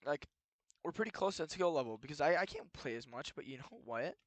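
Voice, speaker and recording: Young guy ranting into a dry mic, kinda high voice, swears a lot, mumbles then gets loud. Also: big pitch swings, a little fast, no echo. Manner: profane, rambling, swings between muttering and heated ranting. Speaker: solo podcast host. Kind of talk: rambling late-night monologue.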